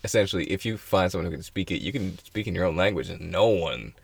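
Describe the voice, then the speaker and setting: A man's voice: low voice, fast talker, vocal fry, husky, dry recording. A young man co-hosting a casual podcast chat, joking and laughing often. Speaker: podcast co-host.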